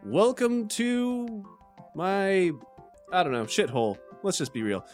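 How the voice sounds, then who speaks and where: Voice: mid-range voice, sing-song, slow, soft background music. A game master voicing a nervous, rambling male character who stammers and apologizes through a tabletop game. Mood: flustered. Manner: stammering, apologetic, many fillers. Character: nervous rambling male NPC named Ingleton. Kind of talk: tabletop game role-play.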